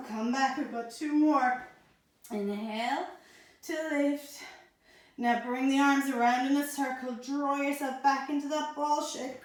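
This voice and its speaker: A woman instructor guiding a pilates abs workout, calmly cueing each breath and movement, a little out of breath. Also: high voice. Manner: calm, encouraging, counts breaths and cues. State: slightly out of breath. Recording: echoey room.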